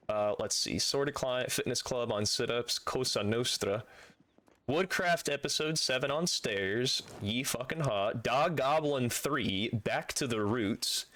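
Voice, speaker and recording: A man's voice: medium pitch, a bit bright. A man streaming a video game live, chatting casually with viewers and swearing freely as he plays.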